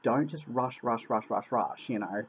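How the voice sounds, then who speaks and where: A man's voice: mid-range voice, expressive, a little slow, husky. A man giving a casual spoken film review. He sounds exasperated, swears a lot and keeps repeating himself. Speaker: movie reviewer. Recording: dull lo-fi recording.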